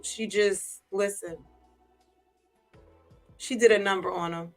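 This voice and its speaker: A woman vlogger, gossiping in casual commentary to a live chat, chatty and animated. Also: medium pitch, unhurried, vocal fry, pauses often, faint music behind.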